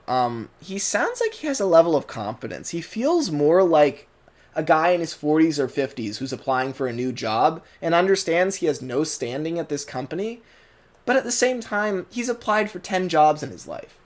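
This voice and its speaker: A man with a General American accent, giving a rambling casual commentary as a YouTube reviewer, full of fillers and restarts. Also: fairly high pitch. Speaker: YouTuber reviewing a cartoon dub.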